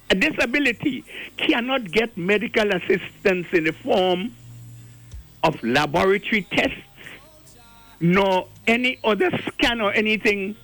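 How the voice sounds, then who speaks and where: Older guy ranting on a radio call-in, real high voice, preachy, stresses every key word. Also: sharp tone, poor audio. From Grenada. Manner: preachy, rhetorical, repeats key words for stress. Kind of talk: impassioned call-in commentary.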